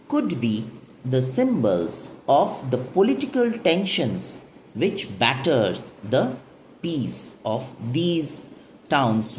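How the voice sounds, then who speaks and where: A woman's voice: sits low, slight background noise. A woman teaching a poetry lesson, explaining the lines and asking and answering her own questions. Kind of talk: literature lesson explaining a poem.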